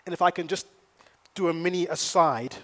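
Energetic preaching man, rather high voice. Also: moderate pace. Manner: energetic, storytelling, rising to loud emphasis. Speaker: pastor. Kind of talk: sermon. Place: church in Nairobi.

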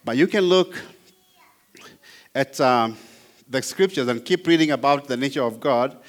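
Male Bible teacher, emphatic, reads verses aloud, mid-pitched voice. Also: lively intonation, a little slow. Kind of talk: apologetics teaching.

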